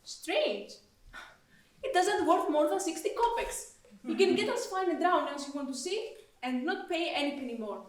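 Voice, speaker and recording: A woman playing a dry, offhand police officer, a man who shrugs off oddities, with a high voice. The sound is echoey and distant. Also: lively intonation, normal speed. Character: matter-of-fact male police officer. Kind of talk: amateur stage acting. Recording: echoey room, far from mic.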